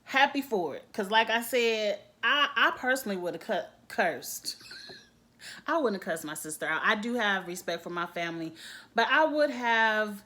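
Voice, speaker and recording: A woman's voice: medium pitch, lively intonation, moderate pace, sharp tone. A woman, giving a casual, opinionated recap of a reality show and acting out the people she quotes. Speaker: TV show reviewer.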